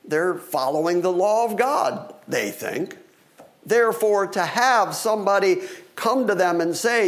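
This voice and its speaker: Speaking a little slowly in a high voice, a male pastor works through a scripture passage in his sermon. He brings it to life with animated delivery, voicing the story's characters and their questions himself.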